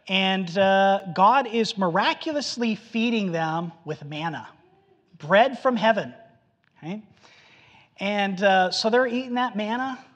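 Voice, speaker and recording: A man preaching a sermon in an animated storytelling manner, acting out the voices of the people he quotes. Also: sits high, long reverb tail. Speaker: pastor.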